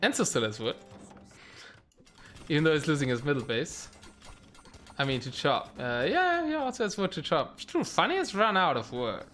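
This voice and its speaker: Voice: mid-range voice, sing-song, normal speed, pauses often, a bit bright. A game stream caster giving casual live commentary, thinking aloud and reacting to the play at a desk mic.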